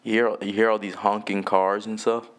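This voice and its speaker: A man's voice: on the low side, little pitch movement, moderate pace. A young man from Jamaica hosting a solo podcast. He rambles loosely and swears a lot, laughs often and trails off mid-thought. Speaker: podcast host.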